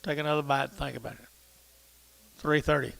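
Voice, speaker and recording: A man working as a livestock auctioneer, calling bids in a rapid rhythmic chant with quick asides to the crowd. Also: medium pitch, fairly even intonation, creaky, a bit bright. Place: cattle auction barn.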